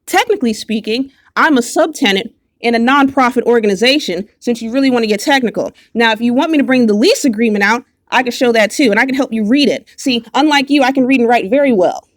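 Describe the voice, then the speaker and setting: Casting: young woman, fairly high voice, furious mocking rant, dry close mic. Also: fast, hardly any pauses, dry recording. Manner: confrontational, profane, mocking. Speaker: vlogger. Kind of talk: angry direct-to-camera rant.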